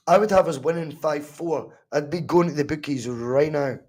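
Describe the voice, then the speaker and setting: Scottish man, podcast host, live football reaction chat, animated and sweary, fairly high voice. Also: normal speed.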